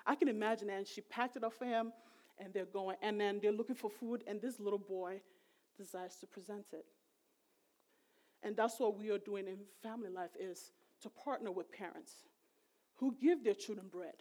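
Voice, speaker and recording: A woman's voice: mid-range voice, moderate pace, darkish tone. A middle-aged woman giving a sermon in a conversational, emphatic way. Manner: conversational, emphatic, voice rising sharply when retelling emotional moments. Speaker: preacher.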